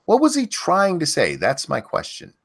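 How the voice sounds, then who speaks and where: A man's voice: a little high, wildly swooping pitch, normal speed, vocal fry. A man hosting a live stream, reading news aloud and mocking it with blunt, sarcastic, swear-filled commentary. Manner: blunt, sarcastic, swears often, jumps up loud in outbursts.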